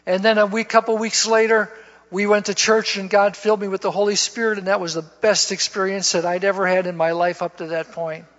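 A man's voice: sits high, little pitch movement, a little fast, a bit bright. A man telling his conversion story in a sermon testimony, folksy and laughing at himself. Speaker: guest speaker giving testimony. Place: church. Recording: dull lo-fi church recording with long reverb.

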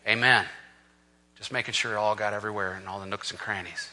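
A man preaching an impassioned sermon, swinging from hushed talk to shouting, in a large echoing hall. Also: fairly low pitch, animated, quick pace. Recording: long reverb of a large hall.

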